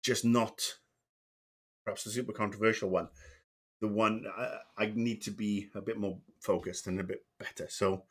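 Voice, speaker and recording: A man's voice: fairly low pitch, fairly even intonation, normal speed, a bit bright. A middle-aged man streaming live, chatting casually in a meandering, profane, self-deprecating way. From Wales.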